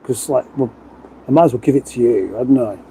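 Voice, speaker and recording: A man's voice: mid-range voice, a little fast, warm tone, slight background noise. A middle-aged man from England hosting a casual livestream from his lockup garage, chatting and reading out viewer comments with self-mocking, rambling asides. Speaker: livestream host. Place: lockup garage in front of a fridge.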